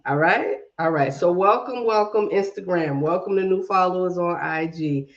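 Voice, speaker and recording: The audio sounds dull, and the woman speaks at a normal pace in a lowish register. Running a relaxed livestream with a Southern-meets-Brooklyn accent, she welcomes viewers by name and talks out loud while sorting out technical issues.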